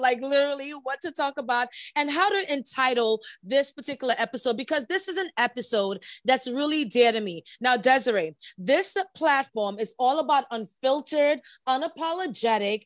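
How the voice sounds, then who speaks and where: A woman with a high voice hosts a podcast in relaxed conversation. She talks effusively and grows openly emotional, leaning on repeated words for emphasis. The sound is dry and close. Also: no room sound. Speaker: podcast host. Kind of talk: casual podcast chat.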